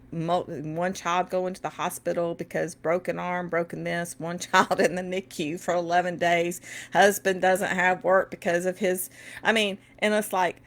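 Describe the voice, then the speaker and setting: A middle-aged woman speaks straight to her viewers in a heartfelt personal talk. Her voice sits low and has a gravelly fry, and she comes across as emotional and a little preachy. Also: fairly bright tone. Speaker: host and educator.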